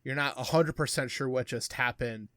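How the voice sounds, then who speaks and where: A man narrating as game master of a tabletop wrestling game, relaxed and explanatory, with many fillers. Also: mid-range voice, moderate pace, dry recording.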